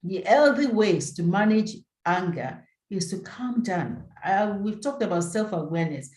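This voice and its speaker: A woman leads a live seminar, speaking earnestly and filling pauses with "you know". Her voice sits at an ordinary middle pitch. The recording carries a noticeable room echo. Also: animated, darkish tone. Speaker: seminar presenter. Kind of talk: live teaching talk.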